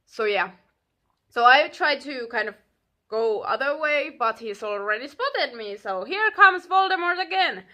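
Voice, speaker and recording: A young woman telling a story casually, animated and swearing, acting out what people said. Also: high voice, unhurried. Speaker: vlogger.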